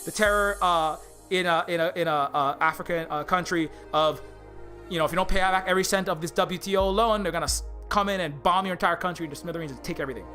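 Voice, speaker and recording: A man's voice: on the high side, pushed and bright. A man on a live stream giving an impassioned, rambling political rant, full of fillers and restarts. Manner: slips into mocking impressions of others. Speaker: indie game developer streaming live.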